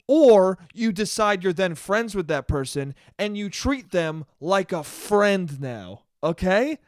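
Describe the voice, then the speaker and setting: A man's voice: sits high, expressive, a little slow, no echo, clean studio sound. A young man hosting his own podcast, talking in a heated, profane and emphatic rant. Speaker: podcast host.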